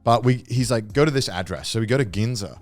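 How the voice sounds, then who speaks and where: Podcast host, animated storytelling, wide-ranging pitch, laughs through his own story. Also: fast, soft background music. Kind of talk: casual storytelling.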